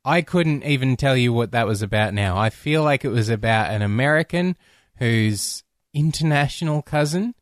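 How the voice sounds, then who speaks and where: Male podcast co-host, mid-pitch, dry close sound, rambly and animated delivery. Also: moderate pace, no room sound. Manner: rambling, animated, restarts often. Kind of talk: casual film discussion.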